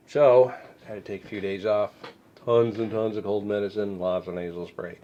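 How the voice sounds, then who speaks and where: A man recovering from a head cold, stuffed up and clearing his throat, giving sarcastic, rambling commentary on news stories. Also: lowish voice, fairly even intonation, moderate pace, dark tone, highs cut off. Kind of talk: casual deadpan news commentary.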